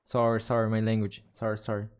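A man's voice: fairly low pitch, completely flat delivery, darkish tone. Brazilian man chatting on a gaming stream. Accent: Brazilian Portuguese. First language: Portuguese. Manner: halting, repeats and restarts words, chats to viewers. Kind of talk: casual gaming livestream chat.

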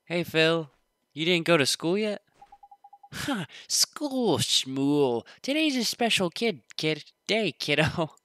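A man voicing a cocky boy inventor with a put-on New York accent, brash and quick with nicknames. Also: on the high side, big pitch swings, pushed and bright, no room sound, pitched above the performer's own voice, exaggerated voice.

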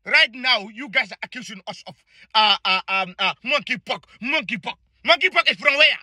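A man rants at the camera, heated and profane, his voice very high and swinging widely up and down. His tone is piercingly bright, and the recording is dry and close with no room sound. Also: expressive, normal speed, no echo. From Africa. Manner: indignant, heated, profane, repeats phrases. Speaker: vlogger. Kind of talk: angry ranting monologue.

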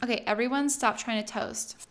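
A young woman talks through her gameplay in a casual, chatty way, her voice sitting a touch high. She gets excitable, breaking into laughs and little squeals as she reacts to what happens on screen. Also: moderate pace. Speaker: let's play host.

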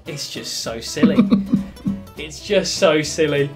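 A young man commentating his own football video game match, swinging between loud exasperated outbursts and laughter. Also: on the high side, very animated, moderate pace, soft background music. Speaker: gaming YouTuber. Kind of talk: excitable gameplay commentary.

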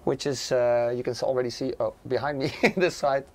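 A man co-hosting a casual livestream, hoarse and raspy from being sick, talking with lots of hesitant fillers and restarts. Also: mid-range voice, steady tone, fairly quick. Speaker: livestream co-host.

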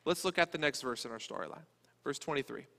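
A man preaching a sermon as a pastor, speaking in a conversational, animated way. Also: on the high side, quick pace. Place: church sanctuary. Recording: long church reverb.

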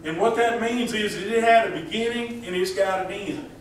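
A man's voice: sits high, normal speed. A man preaching a folksy sermon as pastor, joking and asking the congregation questions. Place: church hall. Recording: echoey hall, distant mic.

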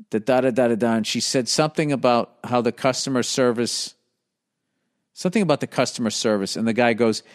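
A man's voice: mid-range voice, a little fast. A male comedian telling a story as a profane, exasperated, rambling casual rant. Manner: rambling with restarts.

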